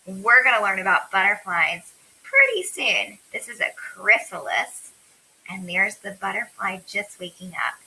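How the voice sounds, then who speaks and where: A woman teaching young children, slow and encouraging, stretching out words. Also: medium pitch, bright, forceful tone, low-quality recording.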